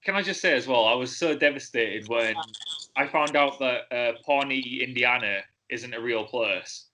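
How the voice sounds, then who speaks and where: A man's voice: medium pitch, normal speed, sharp tone, slight background noise. A man with an English accent hosting a casual wrestling podcast interview, joking and laughing often. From England. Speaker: podcast host.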